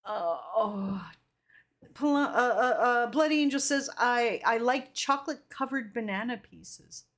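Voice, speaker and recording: This is a woman streamer with a fairly high pitch talking at normal speed. She reads viewer comments aloud and chats animatedly and casually, letting slip a swear word here and there.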